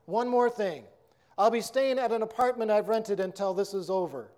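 Cold abrupt husband walking out, read by a guy, fairly high voice. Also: normal speed, a little mellow, lightly acted. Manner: abrupt, dismissive.

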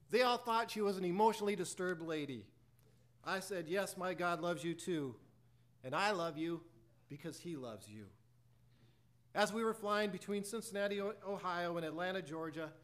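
A preacher telling a personal story in a sermon, acting out both sides of a conversation and reciting hymn lyrics. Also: male voice, high voice. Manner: animated storyteller acting out dialogue.

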